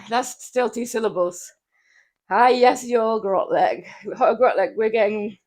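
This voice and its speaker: A woman livestreaming from her flat, chatting playfully with viewers and laughing often while she works out, a little out of breath. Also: medium pitch. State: out of breath from exercise. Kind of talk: casual livestream chat while working out. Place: home flat.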